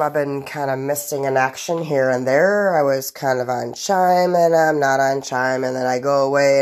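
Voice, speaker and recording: A woman hosting her own podcast, talking bluntly and profanely in a scattered, rambling solo monologue. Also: deep voice. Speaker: podcast host.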